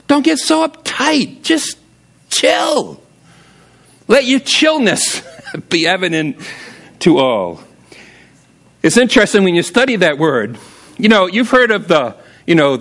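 A male pastor preaching in a church, his voice pitched high for a man. He swoops up and down with lively energy and keeps calling out to the congregation for an amen. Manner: animated, calls for amens, sudden shouts. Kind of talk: sermon. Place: church sanctuary.

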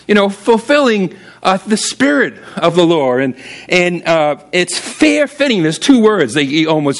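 A male pastor preaching in a church, his voice pitched high for a man. He swoops up and down with lively energy and keeps calling out to the congregation for an amen. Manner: animated, calls for amens, sudden shouts. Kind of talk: sermon. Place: church sanctuary.

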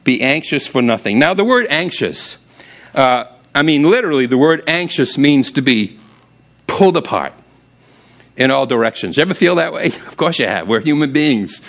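A man preaching a sermon as pastor, casual and humorous, telling stories and often jumping up high for emphasis. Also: fairly bright tone.

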